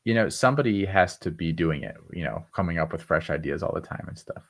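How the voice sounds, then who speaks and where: A man with a very deep voice, chatting on a sports podcast. He talks freely and offers suggestions, his sentences full of fillers and restarts. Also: quick pace, a bit bright. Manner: talkative, giving advice, lots of fillers. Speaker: podcast co-host. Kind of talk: casual chat.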